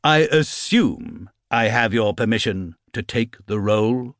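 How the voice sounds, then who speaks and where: High, drawn-out, sarcastic schoolmaster, as a man puts him on, bellows at the class. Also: huge pitch swings, fairly bright tone, dry recording, studio quality, heavily acted. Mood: stern. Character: stern sarcastic middle-aged male schoolteacher.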